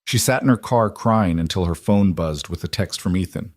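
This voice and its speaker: Low-voiced man narrating a story. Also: normal speed, darkish tone, no echo, clean studio sound.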